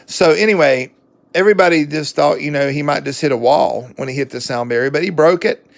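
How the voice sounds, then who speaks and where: A man's voice: a little high, a little fast, creaky. A man with a Southern accent giving a rambling, folksy book review vlog, full of fillers and self-corrections. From southern United States.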